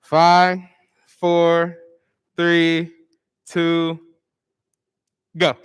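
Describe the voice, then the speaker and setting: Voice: medium pitch, completely flat delivery, very slow, smooth, no room sound. A young co-host, bantering playfully while running a casual game.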